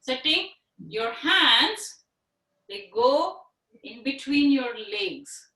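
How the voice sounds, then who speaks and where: A woman guides children through yoga over a video call, unhurried and encouraging. Her voice is high and bright, and her words come slowly. The sound is roomy and echoey. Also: expressive, far from the mic. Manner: patient, encouraging, slow and clear. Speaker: kids' yoga teacher. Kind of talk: online class instruction for children.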